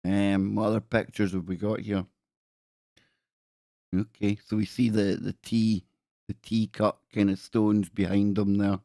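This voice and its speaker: A man's voice: on the low side, flat delivery, measured pace, mellow, dry recording, studio quality. A man hosting a live stream, rambling and joking as he reads captions aloud in casual commentary. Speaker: live-stream show host.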